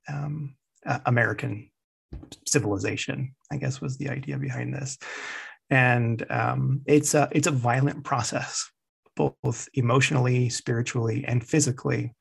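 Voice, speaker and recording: A man, an author being interviewed, speaking in a measured, halting way with frequent restarts. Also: medium pitch, gravelly, breathy edge. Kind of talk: reflective interview talk.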